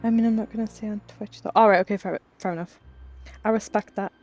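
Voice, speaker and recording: A woman's voice: medium pitch, steady tone, fast, a little mellow, faint music behind. A young woman with a Geordie accent chatting casually with viewers on a live stream, reading chat aloud, swearing and laughing as she goes. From Northeast England.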